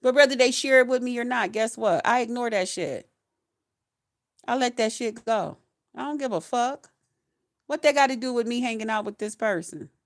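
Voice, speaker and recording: Blunt profane woman in her fifties, high voice. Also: moderate pace. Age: 50s. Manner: blunt, profane, chanting repeated phrases. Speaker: retired nurse, YouTuber. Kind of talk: profane ranting vlog.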